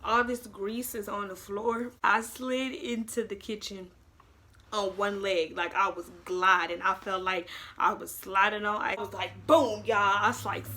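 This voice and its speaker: A woman's voice: medium pitch, a little slow. A woman vlogger dramatically retelling a story to her viewers in a casual storytime vlog. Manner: animated, dramatic retelling, talks to viewers as y'all.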